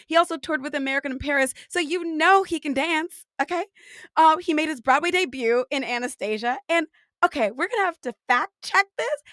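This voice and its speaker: A woman hosting a podcast interview, chatting in a bubbly, teasing, effusive way. Her voice is high and bright, and the recording sounds close and dry, with little room. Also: no echo. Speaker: podcast host. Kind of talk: casual interview chat.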